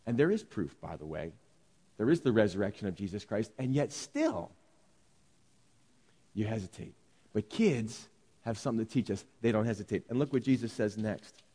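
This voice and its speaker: A man's voice: on the low side, normal speed, pauses often, husky. Man preaching in a reverberant hall. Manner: animated storytelling, then calm teaching. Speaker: pastor. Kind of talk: sermon.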